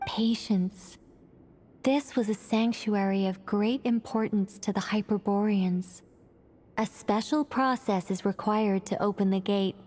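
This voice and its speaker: A woman voicing a composed, regal female mage in a game, speaking with an American accent over British tells and crisply over-enunciated R sounds. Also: medium pitch, a little slow, a little mellow, natural voice. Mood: measured. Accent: British speaker doing an American accent. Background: game music.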